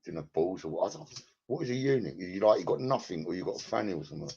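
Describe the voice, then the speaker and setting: On a dull, lo-fi headset recording from his home, a man streams live, talking fast in a deep, creaky, dark, breathy voice with lively intonation. He rambles, swears crudely, and greets and jokes with chatters by name.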